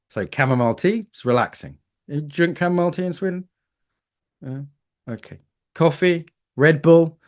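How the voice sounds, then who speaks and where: A man from Britain teaching a live coaching workshop, lively and playful, asking the room questions. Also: medium pitch.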